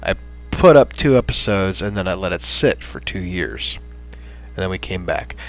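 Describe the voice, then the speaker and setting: A man hosting a gaming channel, chatting in a rambling, halting way with lots of fillers as he wraps up a playthrough. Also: sits low, expressive, low-quality recording. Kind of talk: casual gameplay commentary. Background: soft background music.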